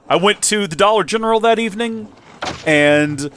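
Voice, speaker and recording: A man's voice: high voice, moderate pace, a bit bright, clean tone. Rambling American man chatting casually. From United States. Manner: rambling, self-correcting, emphatic asides. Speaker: channel host. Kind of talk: casual vlog chat.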